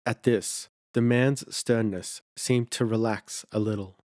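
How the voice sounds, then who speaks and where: A male audiobook narrator reading a folk horror tale in a measured way. His voice sits on the low side, and the recording is dry, with no room sound. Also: fairly even intonation, a little mellow, no room sound. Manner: measured storytelling. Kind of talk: scripted narration.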